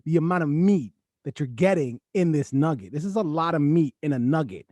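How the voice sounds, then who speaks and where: Chill canadian podcast dude joking around over food, kinda higher voice, dry close sound. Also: male voice, expressive, fairly quick, dark tone, dry recording. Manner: laid-back, joking, slangy. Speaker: podcast co-host. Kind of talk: casual chat.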